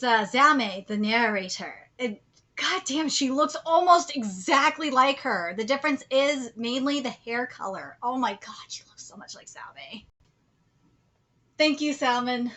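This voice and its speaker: High, bright-voiced woman reacting frankly. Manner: swings between muttered asides and loud exclaiming; frank and profane, laughs often. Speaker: anime reaction streamer. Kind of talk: casual live reaction commentary.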